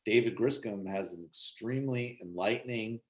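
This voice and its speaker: A man's voice: fairly low pitch, moderate pace, poor audio. A man hosting a casual remote talk show, joking and rambling with lots of fillers. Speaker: show host.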